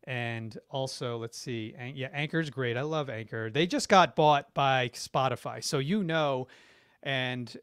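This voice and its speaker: Brief: middle-aged male marketing guest, effusive, mid-pitched, close and dry. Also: a little slow, fairly bright tone, smooth, dry recording. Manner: enthusiastic and effusive, with frequent restarts. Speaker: branding and marketing expert guest. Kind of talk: live-stream Q&A reading chat comments.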